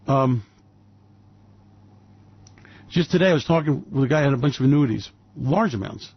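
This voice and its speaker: An older man talks in a rambling radio monologue, stopping often on fillers before he lands a blunt point. His voice sits a bit high for a man. The sound is dry and slightly dull, with no room around it. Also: dry recording. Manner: blunt, hesitant with many fillers, storytelling. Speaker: radio show host.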